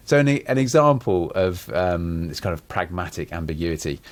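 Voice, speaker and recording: A man with a very low voice co-hosts a casual podcast chat. He talks animatedly, acting out example sentences and leaning on different words to show how emphasis changes meaning. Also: animated, moderate pace. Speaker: podcast co-host.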